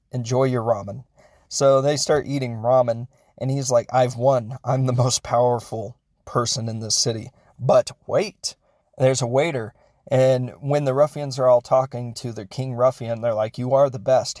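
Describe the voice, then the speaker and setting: A man's voice: medium pitch, a little mellow, no room sound. A young man giving a casual, jokey recap of a film, rambling and correcting himself as he goes. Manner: jokey, goofy, self-correcting, makes sound effects. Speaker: comedic film reviewer.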